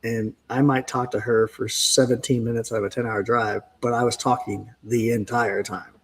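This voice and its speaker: A man talking casually on a podcast, telling fast, animated stories about his busy workday. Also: medium pitch, husky. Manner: fast, animated storytelling with exclamations. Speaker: podcast guest, fence business owner.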